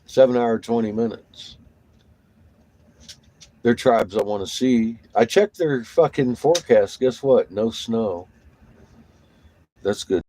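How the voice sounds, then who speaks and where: A man's voice: medium pitch, takes it slowly, pauses often, mellow, low-quality recording. A tired man swearing and grumbling through a casual vlog monologue while driving. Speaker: vlogger on the road. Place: inside a vehicle while driving.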